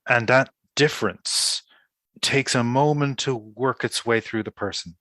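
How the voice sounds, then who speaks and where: A man's voice: mid-range voice, measured pace, bright, forceful tone, dry recording. A man from Ireland, hosting a casual interview and talking thoughtfully with frequent hesitant restarts. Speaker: podcast host. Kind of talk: casual conversation.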